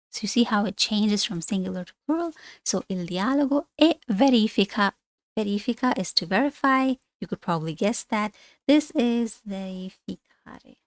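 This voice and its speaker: A woman's voice: mid-range voice, lively intonation, moderate pace, no room sound. A woman teaching an online language lesson, explaining things on screen in a chatty, rambling way with frequent asides and self-corrections.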